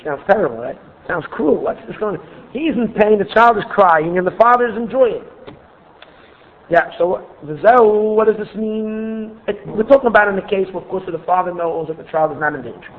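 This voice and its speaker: A man's voice: high voice, normal speed, slight background noise. Earnest man teaching Torah, tinny recording. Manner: earnest, expressive, repeats words when restarting. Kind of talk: spoken Torah class.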